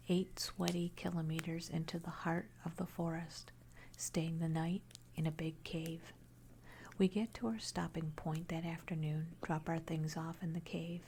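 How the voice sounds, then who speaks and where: A woman's voice: fairly low pitch, a little hiss or hum. Woman whispering a scary story. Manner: hushed, unvoiced whisper throughout. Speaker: horror story narrator. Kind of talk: whispered horror story narration.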